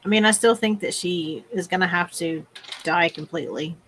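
A woman's voice: fairly low pitch, moderate pace, slight background noise, rough recording. A woman playing a tabletop game, plain and direct, partly speaking in character. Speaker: player. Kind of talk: casual tabletop chat and in-character talk.

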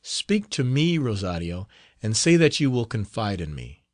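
A man's voice: lowish voice, very animated, unhurried, dry recording, clean studio sound. A man playing an earnest, fatherly friar. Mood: tender. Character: middle-aged male friar, tender and earnest. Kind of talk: audiobook character reading.

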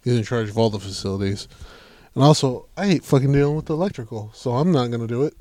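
A man's voice: mid-range voice, quick pace, dark tone, no echo. A man telling a work story in casual chat, swearing a lot and acting out his coworkers' lines.

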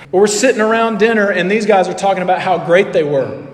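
A man's voice: high voice, fairly quick, echoey room, big-room sound. A man preaching a sermon in a conversational way, asking the audience questions and acting out quotes. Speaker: pastor.

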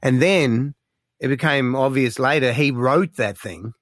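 A man, a musician guest telling stories in a casual interview, animated and full of fillers. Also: mid-range voice, measured pace, no room sound, studio quality. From Australia. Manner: animated storyteller, lots of fillers, excitable.

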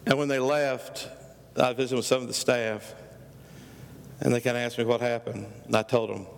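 A middle-aged male pastor preaching a sermon, emphatic and rising loud on key phrases. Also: medium pitch, level tone, normal speed, creaky, a little hiss or hum. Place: church sanctuary. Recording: church hall with long reverb.

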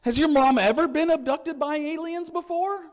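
A preacher voicing a kind, gentle store clerk. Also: male voice, sits high, sing-song, moderate pace. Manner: gentle, questioning. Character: calm, kind male store employee.

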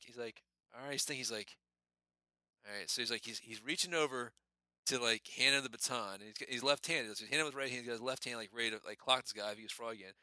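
A man's voice: medium pitch, fast, sharp tone, no echo. A man co-hosting a podcast, telling a story with lots of swearing and laughter in casual banter. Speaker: podcast co-host.

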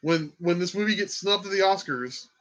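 A man chatting casually about movies, emphatic and excitable, with a habit of swearing. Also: high voice, normal speed, dull audio.

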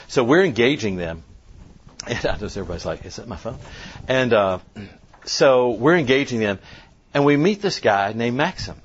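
Low-voiced man telling an animated story. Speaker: conference speaker. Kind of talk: storytelling talk. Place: conference room. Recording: dull lo-fi sound, faint noise.

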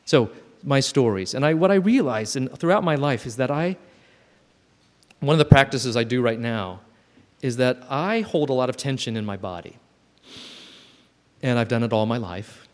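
A man's voice: mid-range voice, lively intonation, moderate pace, pauses often. A man in his fifties giving a thoughtful, self-reflective personal talk at a gathering, often restarting his sentences. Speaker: speaker at a gathering. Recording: long hall reverb.

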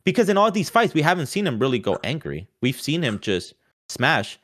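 A man talking fast and loose in a casual sports chat, restarting his sentences and leaning on "like" as a filler. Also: on the high side. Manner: animated, restarts often, many "like" fillers.

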